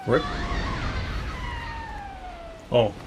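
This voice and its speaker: A man's voice: very slow, very noisy. Rambling male game streamer. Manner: rambling, many fillers, swears casually. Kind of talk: casual live-stream chat while playing. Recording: game music behind voice.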